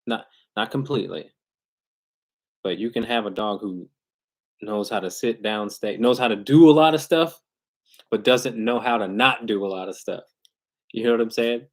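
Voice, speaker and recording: A man with a slightly low voice talks casually on a live stream about training dogs. He rambles and restarts often, drops slang, and keeps a loose, off-the-cuff feel. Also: fairly even intonation, normal speed. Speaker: dog trainer hosting a live Q&A. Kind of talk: casual livestream talk. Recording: glitchy internet livestream.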